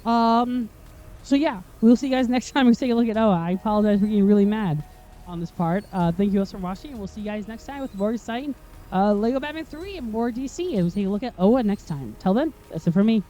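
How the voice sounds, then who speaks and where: A gameplay commentator whose voice is going hoarse, talking through a tricky puzzle and getting more frustrated, swearing and complaining at the game. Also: medium pitch, fast, dark tone, highs cut off. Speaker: video game let's-play host.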